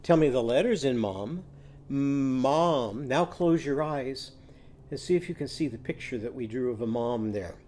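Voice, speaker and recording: A man's voice: mid-range voice, expressive, normal speed, dark tone, a little hiss or hum. A man teaching a children's literacy lesson, patiently guiding young listeners through sounds and letters.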